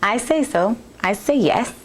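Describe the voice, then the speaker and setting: A woman's voice: a little high, expressive, a little slow, breathy edge. A woman bodywork therapist hosting a podcast, talking in an earnest, reflective way and acting out the voices in people's heads. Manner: earnest and conversational, acts out inner voices, many restarts. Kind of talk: reflective solo talk.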